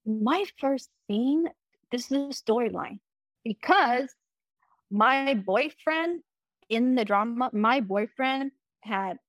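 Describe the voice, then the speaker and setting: A young woman with a fairly high voice, recounting her past with lots of energy and playful acted-out quotes. She talks loosely and swears casually. The sound is close and dry, with no room around it. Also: slow, no echo. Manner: animated, acts out quoted dialogue, casual swearing. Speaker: musician guest. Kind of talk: casual interview storytelling.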